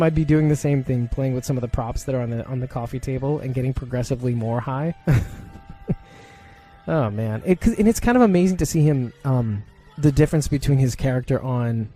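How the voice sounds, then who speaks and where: A Brooklyn, New York man hosts a podcast as a rambling, casual live-stream chat, full of fillers and laughter. His voice sits in the mid range with a dark tone.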